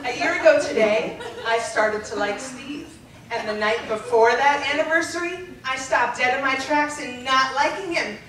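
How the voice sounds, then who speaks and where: A woman reading her teenage diary aloud at a live stage show, deadpan and often breaking into laughter. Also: high-pitched, normal speed, distant mic, crowd noise. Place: theater stage before a laughing audience. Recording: roomy live theater recording with loud audience.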